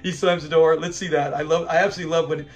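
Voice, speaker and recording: A man's voice: on the high side, steady tone, rapid-fire. A man hosting a fan channel, chatting casually and animatedly as he recaps a classic sitcom episode, rambling and chuckling often. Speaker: fan commentary host.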